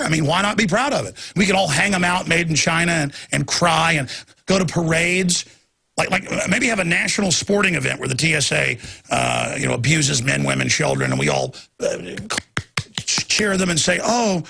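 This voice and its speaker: A man hosting a talk show, delivering an impassioned political rant with sudden shouted bursts. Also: fairly high pitch, gravelly, husky. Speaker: talk radio host. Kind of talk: ranting political monologue.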